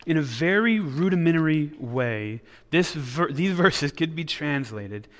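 An earnest male pastor delivers a sermon, stumbling and restarting phrases as he works through an idea. His voice sits a little high for a man. The sound carries a long hall reverb. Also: expressive, a little slow, few pauses. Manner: earnest, with frequent repeated restarts.

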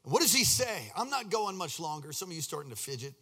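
A man preaching a sermon in an animated, humorous way, building to fervent passages. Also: a little high, quick pace, breathy edge. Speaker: pastor.

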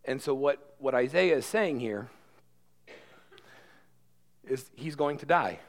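A man preaching a sermon who swings between quiet asides and loud emphatic passages, repeating words as he builds. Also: medium pitch, animated, slow pace. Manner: repeats and restarts words when worked up. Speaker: pastor.

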